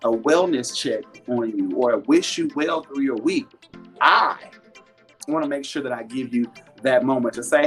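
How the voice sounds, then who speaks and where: Man, live-stream seller, folksy and encouraging, mid-pitched, faint music underneath. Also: lively intonation, normal speed, a bit bright. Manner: folksy, preachy and encouraging, reads out viewer comments. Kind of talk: casual live-stream chat to viewers. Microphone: webcam or phone on a live stream.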